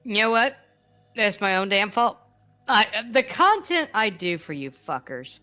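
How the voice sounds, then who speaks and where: Bright-voiced woman streamer, blunt and sweary. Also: medium pitch, big pitch swings, a little slow, faint music behind. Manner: blunt, swears a lot, laughs often. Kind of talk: casual stream chat.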